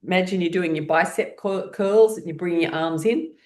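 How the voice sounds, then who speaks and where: A woman's voice: on the low side, a little fast, darkish tone. A woman instructor guiding a laughter exercise class, talking through everyday routines and bursting into rhythmic laughter. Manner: cheerful, coaching, breaks into rhythmic ha-ha laughter.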